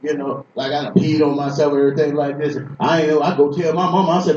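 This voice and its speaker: Preacher man from Boston, higher voice, emphatic with repeated restarts, echoey hall from far off, dull lo-fi. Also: steady tone, quick pace, a little mellow, slight background noise. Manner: emphatic storytelling, repetitive restarts. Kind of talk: sermon.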